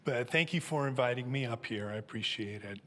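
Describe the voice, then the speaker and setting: A man's voice: medium pitch, a little fast, a bit bright, slight background noise. Man, 70s, from Southern California, humble, emotional, handheld mic, long hall reverb. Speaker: elder candidate. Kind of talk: personal testimony on stage. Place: church stage. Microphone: handheld microphone.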